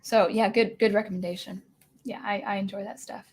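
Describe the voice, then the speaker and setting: A woman's voice: mid-range voice, fairly even intonation, brisk, a little mellow, husky. A young woman from Washington state hosting a casual livestream, chatting in a rambling way with many fillers and restarts. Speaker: livestream host.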